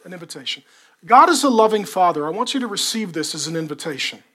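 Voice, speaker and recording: A middle-aged male pastor preaching a sermon to a congregation, swinging between loud delivery and hushed, intimate talk. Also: high-pitched, animated, fast. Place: church before a congregation.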